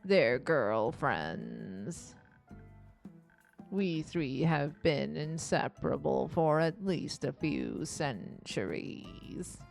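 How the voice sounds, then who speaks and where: A timid, sorrowful young fantasy woman, voiced by a woman, speaking low and soft with long pauses. Her words come slow and hesitant. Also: very animated, vocal fry, soft background music, exaggerated voice. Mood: sad. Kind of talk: voicing game dialogue.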